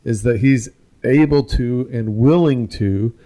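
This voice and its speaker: A man co-hosting a film podcast, talking in a slow, thoughtful and reflective way with some restarts. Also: medium pitch, dark tone. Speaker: podcast co-host. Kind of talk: casual film discussion.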